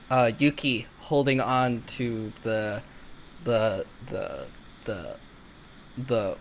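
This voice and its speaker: Halting, slow-talking male game master. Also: medium pitch, a little hiss or hum. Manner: halting, many fillers, slips into quick character voices. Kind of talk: narrating a tabletop game.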